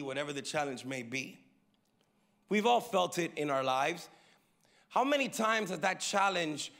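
Gravelly high-voiced male pastor preaching. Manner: preaching with call-and-response to the congregation; lively, shifting between loud emphasis and quiet asides. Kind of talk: sermon.

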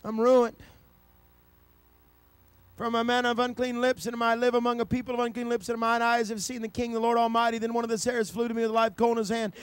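A man preaching an impassioned sermon, swinging from quiet storytelling to shouted, excited passages. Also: very high-pitched, racing, hardly any pauses, clean tone, dry recording.

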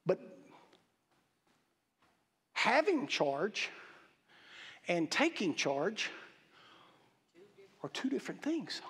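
A man preaching a sermon, emphatic, with halting restarts and drawn-out stresses on key words. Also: high-pitched, huge pitch swings, gravelly, pushed and bright, slightly rough. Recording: reverberant hall.

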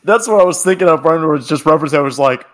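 A man's voice: fairly high pitch, very fast, fairly bright tone. A man co-hosting a podcast, chatting casually and profanely about a TV episode and laughing often. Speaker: podcast co-host.

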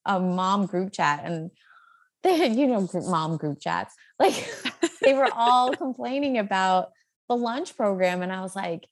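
A woman in her thirties chats as an interview guest, upbeat and quick with fillers and easy laughter. Her voice sits at an ordinary middle pitch. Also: lively intonation. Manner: upbeat, chatty, many "like" fillers, laughs often. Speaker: guest, social media creator. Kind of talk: casual interview chat.

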